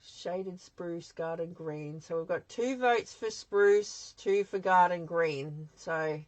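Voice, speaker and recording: A woman's voice: on the low side, slow, gravelly, hardly any pauses, dry recording, poor audio. An Australian woman hosting a live craft demonstration from her home craft shed, chatting in a rambling way and answering viewer comments as she works.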